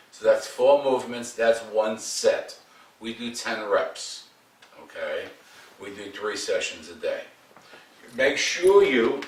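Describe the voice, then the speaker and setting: A man working as a dog trainer, coaching owners at home in a direct, demanding, joking way. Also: fairly low pitch. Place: home, indoors. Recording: roomy, distant, faint background noise.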